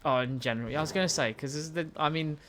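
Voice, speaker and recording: A man's voice: on the high side, rapid-fire, fairly bright tone, slight background noise. Rambling young British man streaming. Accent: British English. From United Kingdom. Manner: rambling, stumbling restarts, reads and answers chat. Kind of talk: casual live-stream chat while gaming.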